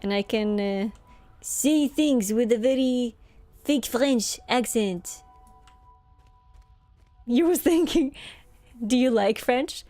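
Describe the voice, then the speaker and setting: A woman with a fairly high voice chats unhurriedly with her viewers as she plays. She giggles often and keeps a relaxed, friendly patter going. Faint game music plays behind her. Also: slow pace, pauses often, no echo. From Norway. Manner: chatty, giggly, laughs often. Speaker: game streamer. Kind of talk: casual live-stream chat while playing.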